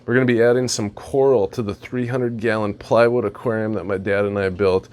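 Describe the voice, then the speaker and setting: A man vlogging a casual walkthrough of his home reef tank equipment, relaxed and rambling with fillers and asides. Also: lowish voice, a little fast. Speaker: aquarium hobbyist vlogger.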